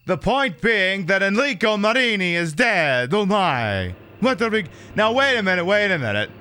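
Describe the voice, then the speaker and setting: A man's voice: high-pitched, big pitch swings, moderate pace, bright, forceful tone, smooth. A man casually chatting through a livestream of a horror game, rambling and reacting to chat with lots of fillers and repeated words. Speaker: streamer playing a horror game.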